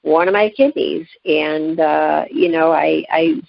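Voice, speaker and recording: A woman's voice: low-pitched, takes it slowly, vocal fry, dry recording, dull audio. Woman telling a story with feeling. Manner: lively, emotional storytelling with restarts. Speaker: guest, living kidney donor. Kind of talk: personal storytelling in an interview.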